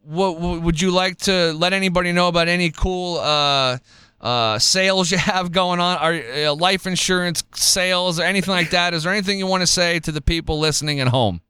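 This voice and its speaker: A man's voice: high-pitched, a little fast, sharp tone, smooth, no room sound. A man hosting a radio show in casual chat, rambling and repeating words as he goes.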